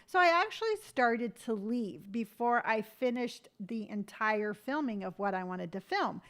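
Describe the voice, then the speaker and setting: A woman's voice: fairly high pitch, lively intonation, a little slow, a bit bright. A middle-aged woman hosting a casual live stream, telling rambling stories with lots of fillers and answering viewer comments as she goes. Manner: chatty, rambling storytelling with many fillers; reads viewer comments aloud and answers them.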